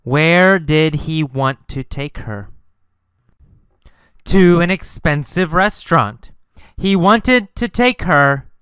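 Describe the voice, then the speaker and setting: A man teaching English through a mini story, asking and answering simple questions in a slow, deliberate way. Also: fairly high pitch, fairly bright tone, clean tone, no echo, clean studio sound.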